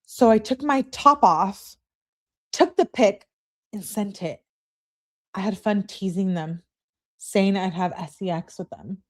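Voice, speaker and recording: A woman's voice: mid-range voice, takes it slowly, long pauses, close to an everyday voice. A woman reading out the lines of a submissive young woman who pleads and apologizes. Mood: confessing.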